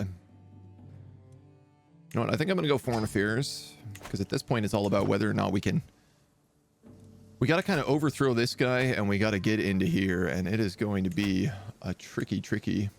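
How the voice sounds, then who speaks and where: A man's voice: on the low side, moderate pace, creaky, pauses often, soft background music. A man streaming a strategy game, thinking aloud in casual, chatty live commentary.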